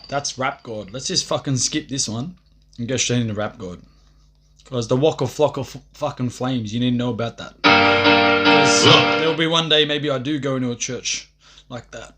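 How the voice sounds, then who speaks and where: A man's voice: medium pitch, normal speed, over loud music. A young man ranting on a livestream, boastful and profane, rambling from one thought to the next.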